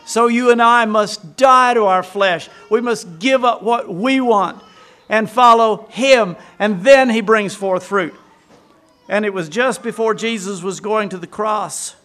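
High-voiced man preaching a sermon. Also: a little slow, a bit bright. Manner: questions the congregation, storytelling.

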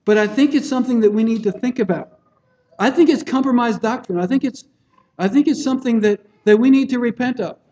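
Male preacher, higher-pitched voice, earnest and plain-spoken, dull lo-fi recording. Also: a little fast, dark tone. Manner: earnest, plain-spoken, with frequent restarts and checking-in questions. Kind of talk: sermon.

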